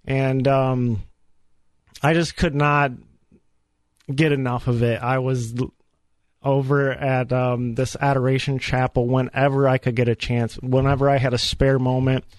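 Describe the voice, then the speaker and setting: A man giving an earnest, animated personal faith testimony as a guest on a radio show. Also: mid-range voice, unhurried, no room sound. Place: radio studio.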